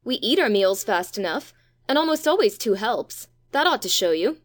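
A man's voice: high-pitched, sing-song, normal speed, a bit bright, no echo, clean studio sound, pitched above the performer's own voice. A man reading an audiobook voices a blunt, matter-of-fact young boy. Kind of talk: audiobook character voice.

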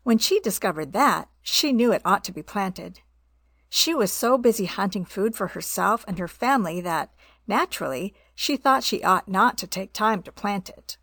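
A woman reading a children's story aloud in a gentle, expressive way. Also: medium pitch, normal speed, dry recording. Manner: gentle, expressive reading with voiced animal parts.

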